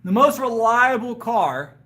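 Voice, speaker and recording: A man's voice: very high voice, expressive, a little slow, pushed and bright. A man chatting casually with viewers on a livestream, rambling and hesitant with lots of fillers and restarts, his voice getting worn, outdoors in a yard. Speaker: livestreamer and powerlifter. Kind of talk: casual live chat with viewers.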